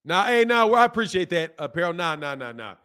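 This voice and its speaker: A man hosting a boxing live stream, reading viewer comments and ranting in animated, slangy talk. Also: high-pitched, quick pace, smooth. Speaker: boxing channel host.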